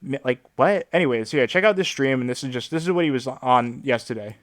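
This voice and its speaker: A man's voice: medium pitch, expressive, a little fast, a bit bright, no room sound, clean studio sound. A man hosting a livestream, ranting sarcastically with lots of swearing and filler words. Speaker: streamer host. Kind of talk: casual livestream rant.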